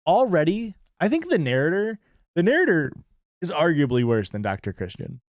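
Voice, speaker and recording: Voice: mid-range voice, huge pitch swings, normal speed, dry recording. A stream host reacting to a TV show in casual, rambling commentary, sarcastic and full of swearing.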